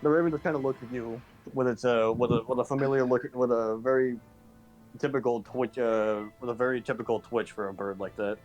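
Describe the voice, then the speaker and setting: A man's voice: mid-range voice, steady tone, a little fast, darkish tone, lo-fi sound, soft background music. Man narrating a tabletop game. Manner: restarts often, casual narration. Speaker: game master.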